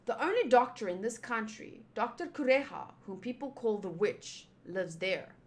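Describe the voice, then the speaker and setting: A woman's voice: fairly high pitch, expressive, moderate pace, lightly acted. A woman voicing a dutiful male guard captain while reading a comic aloud, in an earnest, formal manner.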